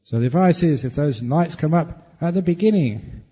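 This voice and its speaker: A man, a Buddhist monk, answering meditation questions at a retreat in a playful, humorous, relaxed way. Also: fairly high pitch, normal speed, breathy edge. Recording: long hall reverb.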